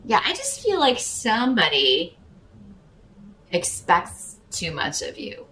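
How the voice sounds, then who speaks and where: This tarot reader's medium-pitched voice swoops wildly and sounds pushed and bright as she speaks slowly, addressing the listener as a star sign in a casual reading. She meanders and hesitates with fillers and restarts, on a low-quality recording with a little hiss or hum.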